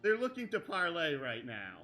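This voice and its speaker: A man's voice: fairly high pitch, huge pitch swings, normal speed, pushed and bright, faint music behind. A man running a tabletop game as game master, narrating in a rambling way with many restarts. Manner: rambling, full of restarts and fillers like "like".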